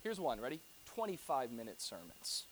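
A man preaching a sermon to his church in a conversational, animated way, with humorous asides to the congregation. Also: mid-range voice, normal speed, a little hiss or hum. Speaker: pastor.

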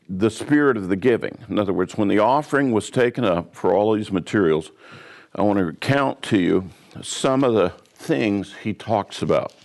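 A man with a low, deep voice gives a verse-by-verse Bible teaching, explaining at an unhurried pace. He pauses often, fills gaps with "uh", and restarts his sentences as he works through the passage. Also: darkish tone. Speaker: pastor.

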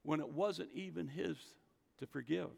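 A man's voice: fairly high pitch, moderate pace, vocal fry, darkish tone, breathy edge. A man preaching a casual sermon, talking conversationally and calling on the congregation to repeat after him. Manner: conversational, calls for congregation responses. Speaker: pastor. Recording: echoey hall.

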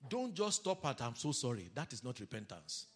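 Lively husky-voiced male preacher. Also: medium pitch, normal speed. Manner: animated preaching, mimics crying sinners, calls on congregation to read aloud. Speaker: pastor. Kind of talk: sermon.

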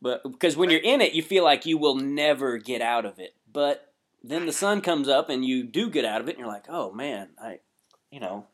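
A man's voice: medium pitch, animated, fairly quick. A man speaking in a laid-back, reflective, profane way in a casual podcast chat.

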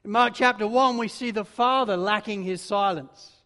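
A man preaching a sermon with dramatic delivery that builds in force and then sinks low and soft. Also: normal speed. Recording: long reverb of a large hall.

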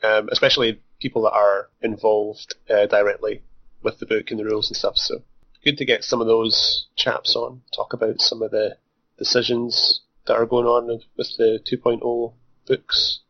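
A man's voice: fairly low pitch, flat delivery, normal speed. A man co-hosting a podcast, chiming in with brief, agreeable remarks. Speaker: podcast co-host. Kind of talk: casual podcast chat. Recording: slightly muffled sound.

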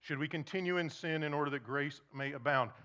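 Male pastor, sermon: bright, lively delivery, leans in quietly for emphasis. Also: a little high, a little fast, clean tone. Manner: conversational, animated, swings to soft intense emphasis. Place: church before a congregation.

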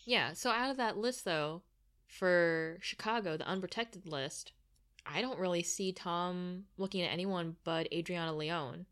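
A woman with a fairly low voice co-hosts a casual soccer podcast. She works through team lists methodically and slips in dry, teasing asides. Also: a little slow, a bit bright. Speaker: podcast co-host.

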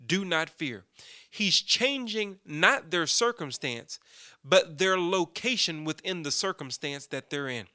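Guy preaching on his podcast, kinda high voice, punchy and bright, super dry sound. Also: animated, a little slow, smooth, no echo. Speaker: podcast host teaching scripture. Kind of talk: podcast Bible teaching.

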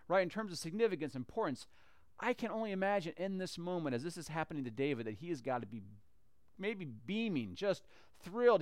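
A man's voice: sits high, dry recording. A man teaching a Bible story in a casual, conversational way, acting out the characters as he goes. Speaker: church teacher.

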